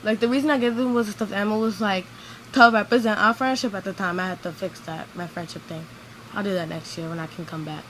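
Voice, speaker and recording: A woman talks straight to camera in a loose, rambling rant, circling back and restarting her sentences. Her voice sits at an ordinary middle pitch. A faint hiss of background noise runs under her words. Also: steady tone, quick pace, fairly bright tone, rough recording. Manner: rambling, venting, heavy use of "like". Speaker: vlogger. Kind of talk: ranting vlog monologue.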